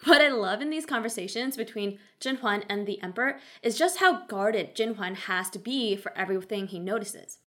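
A woman's voice: medium pitch, lively intonation, moderate pace, hardly any pauses, sharp tone. A woman recapping a historical drama episode in a casual narrated style, with wry, sarcastic asides.

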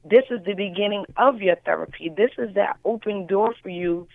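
A woman's voice: mid-range voice, normal speed, vocal fry, no echo. A woman calls in over a thin, tinny phone line, her voice dry and close with no room around it. She talks earnestly and encouragingly. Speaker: caller. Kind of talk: heartfelt call-in.

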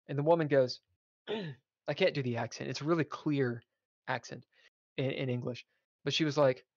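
A man's voice: mid-range voice, steady tone, normal speed, long pauses, dry recording. A man, a podcast guest, telling a casual road-trip story with swearing and laughter. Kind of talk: casual chat. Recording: dull lo-fi audio.

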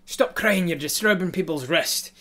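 A man's voice: high voice, steady tone, brisk, sharp tone, pitched above the performer's own voice. A man voicing a domineering Dragonborn who poses as a harsh overseer, barking bossy orders.

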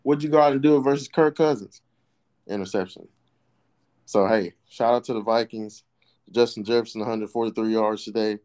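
A young man co-hosting a casual sports podcast, relaxed and agreeable as he recaps the games and chuckles along with his partner. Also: fairly low pitch, moderate pace. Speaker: podcast co-host.

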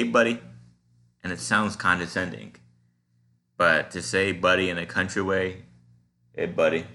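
Gravelly deep-voiced man musing aloud. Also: sharp tone. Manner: musing, meandering, halting with many fillers. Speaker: podcast host. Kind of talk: casual rambling solo monologue.

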